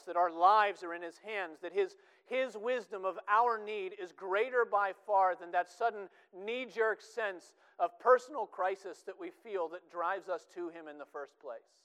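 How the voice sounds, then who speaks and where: A man's voice: high-pitched, fairly bright tone, clear, resonant tone, low-quality recording. A man preaching a sermon in an earnest way, often repeating words for emphasis.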